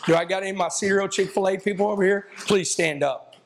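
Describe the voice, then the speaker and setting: A man's voice: high-pitched, fast talker, gravelly, slight background noise. A man, a football coach giving a folksy, emotional, rambling talk to an audience. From Texas. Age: 50s. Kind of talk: speech to an audience.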